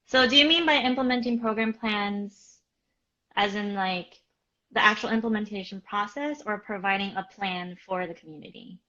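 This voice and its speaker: Casting: woman co-host, bright and clear tone, chatty with lots of fillers, dull lo-fi stream sound. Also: mid-range voice, normal speed. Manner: chatty, filler-heavy, answers viewer questions. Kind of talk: casual live-stream chat.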